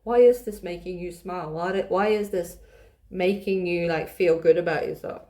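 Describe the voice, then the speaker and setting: A woman's voice: fairly low pitch, fairly even intonation, normal speed, dark tone. Chatty woman giving a tarot reading. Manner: chatty, restarts often, laughs while reading. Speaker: tarot reader. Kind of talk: casual tarot reading to camera.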